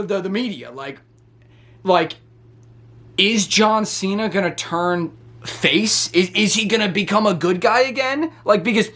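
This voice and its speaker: A man recapping a wrestling show in an excitable, rambling way, with many restarts. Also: high voice. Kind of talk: casual recap commentary.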